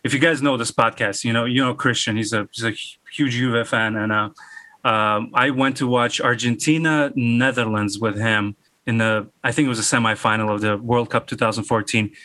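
A man's voice: mid-range voice, fairly even intonation, normal speed, bright, forceful tone, no room sound. A man hosting a casual podcast, stammering as he leads the talk. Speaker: podcast host.

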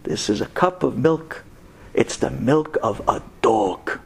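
A man's voice: high voice, wildly swooping pitch, a little slow, breathy edge, voice pushed up, full character voice. A man voicing a humble servant presenting a cup of milk to a king in a storytelling sermon. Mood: eager.

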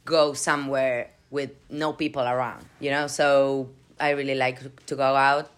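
A woman from Argentina, a guest on a podcast, telling stories in a lively way and acting out the people she quotes. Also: a bass voice, a little slow, smooth. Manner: animated storyteller, acts out quoted voices. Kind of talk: casual interview chat.

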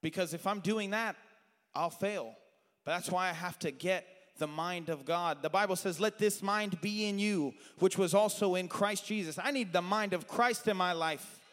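A man preaching a sermon, animated and shifting between loud shouted praise and soft asides to the congregation. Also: high voice, moderate pace. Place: church sanctuary. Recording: long hall reverb.

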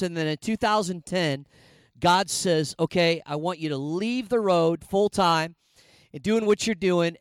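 A middle-aged man from Indiana, a pastor telling a personal story in a sermon, animated and conversational with frequent fillers. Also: high-pitched, smooth, no echo.

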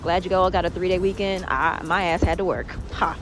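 A woman's voice: on the low side, brisk, background noise. A woman hosting her own podcast, talking candidly and a bit profanely while walking home from work outdoors. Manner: candid, profane, animated storytelling with laughs. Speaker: podcast host. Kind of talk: casual solo podcast monologue.

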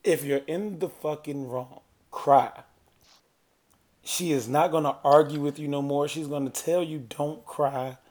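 A fairly high-voiced man holds forth in loose podcast banter. He presses his point over and over, insistent and emphatic, often laughing mid-argument. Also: steady tone, a little slow, darkish tone. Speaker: podcast co-host.

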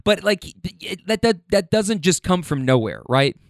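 A man's voice: high voice, sing-song, normal speed, no room sound, clean studio sound. Rambling young man telling a story. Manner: rambling, with many restarts and frequent swearing. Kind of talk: casual storytelling monologue.

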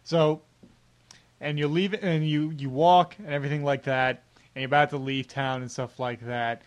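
Young man, slightly higher voice, podcast host, relaxed leading questions. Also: moderate pace. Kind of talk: casual interview.

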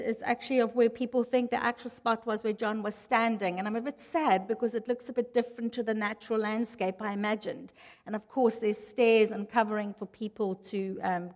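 A woman preaching a sermon, telling the story with lively asides. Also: on the high side, a little fast, big-room sound.

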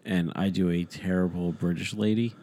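A man's voice: sits low, fairly even intonation, normal speed, dark tone. A man in his thirties, a father, co-hosting a podcast and telling stories in a laid-back, self-deprecating way. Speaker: podcast co-host. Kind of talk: casual chat.

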